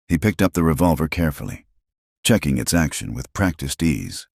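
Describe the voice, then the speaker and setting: A man narrating a western story in a steady, scripted storybook style. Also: a bass voice, moderate pace, gravelly, husky, no room sound, studio quality.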